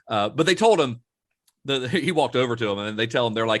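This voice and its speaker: Male podcast host, casual storyteller, fillers galore, low-set voice, dry recording. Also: animated, fast talker, fairly bright tone, dry recording. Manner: rambling, filler-heavy, laughs often.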